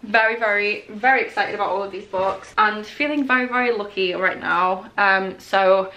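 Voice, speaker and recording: A young woman casually vlogging a book unboxing, excitable and gushing, emotional and close to tears. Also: medium pitch, normal speed.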